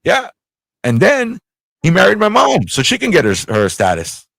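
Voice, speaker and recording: A man's voice: high voice, huge pitch swings, moderate pace, gravelly, a bit bright, no echo. A man hosting a casual live talk show, rambling, swearing freely and repeating himself as he tells a story. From United States. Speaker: show host.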